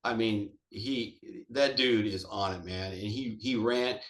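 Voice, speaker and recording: A man's voice: lowish voice, unhurried, echoey room. A man who manages golf courses, talking casually in a webinar, rambling and acting out conversations. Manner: rambling and animated, acts out dialogue, says "man" often. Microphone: webinar call mic.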